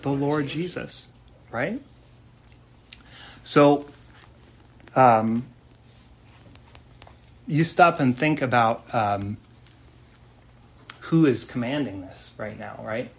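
A man preaching a sermon in an earnest, conversational way, asking rhetorical questions and reading scripture slowly. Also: mid-range voice, gravelly. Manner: reads scripture slowly and deliberately. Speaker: pastor. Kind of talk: expository sermon.

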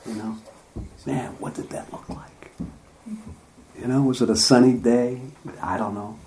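A man's voice: medium pitch, steady tone, measured pace, darkish tone, a little hiss or hum. A man giving an informal Bible study talk, enthusiastic and chatty, laughing often as he reads and retells verses. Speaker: Bible teacher.

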